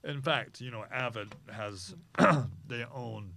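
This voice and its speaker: A man hosting a podcast, talking in a rambling, halting way, hoarse and losing his voice, in a small podcast studio. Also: medium pitch, sharp tone. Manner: rambling, halting, with many restarts. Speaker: podcast host. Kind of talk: casual chat.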